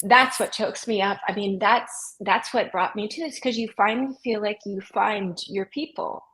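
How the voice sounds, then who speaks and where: A woman's voice: mid-range voice, moderate pace, poor audio. A middle-aged woman, an opera singer and music teacher, chatting as an interview guest and acting out what children say. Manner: animated storyteller, acts out voices of kids. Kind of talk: casual interview chat.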